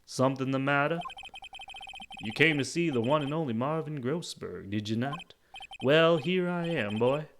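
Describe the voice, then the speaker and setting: A man doing a pompous, gravelly old lawyer. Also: mid-range voice, expressive, moderate pace, noisy background, voice pushed up, lightly acted. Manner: stammering, grandiose, flustered. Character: pompous older male lawyer, blustering and evasive.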